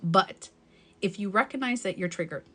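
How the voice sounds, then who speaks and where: A young adult woman coaching live on a stream, her voice sitting at an ordinary middle pitch. She speaks frankly and with emphasis, dropping casual swear words and restarting sentences as her thoughts run on. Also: lively intonation, normal speed, husky. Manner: rambling with self-corrections. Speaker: life coach. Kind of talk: live-stream advice talk.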